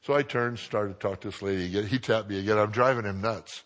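An older man, a pastor, preaching a sermon through lively stories, with a naturally loud voice that drops to a hush and swells to a boom. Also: fast talker. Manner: lively anecdotal preaching, swinging from hushed to booming. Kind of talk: sermon storytelling.

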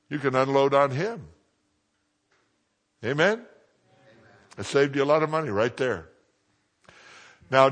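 A man preaching a sermon, joking with his congregation and swinging from quiet asides to loud exclamations. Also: medium pitch.

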